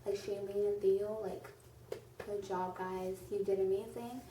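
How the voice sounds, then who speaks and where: A woman's voice: medium pitch, flat delivery, unhurried, dark tone, far from the mic. A woman reviewing a movie in a casual vlog, gushing and rambling with lots of "like". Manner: gushing, rambling, heavy use of "like". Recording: roomy echo, off-mic, faint noise.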